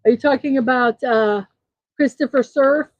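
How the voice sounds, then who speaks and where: A woman's voice: high-pitched, normal speed, no echo, highs cut off. A woman hosting a daily morning show, reading birthday and trivia notes aloud with small personal asides between items.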